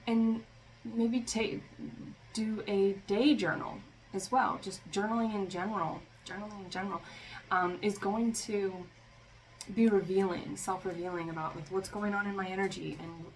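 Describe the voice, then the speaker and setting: A woman gives a casual spiritual tarot reading, rambling loosely with lots of fillers and a sarcastic streak. Her mid-range voice is steady at a moderate pace, in a low-quality recording with slight background noise.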